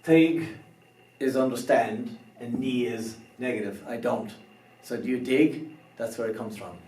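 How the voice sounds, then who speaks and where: A man teaching a beginner language lesson, slow and careful, spelling out words letter by letter. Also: medium pitch, darkish tone. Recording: roomy echo, somewhat far from the mic.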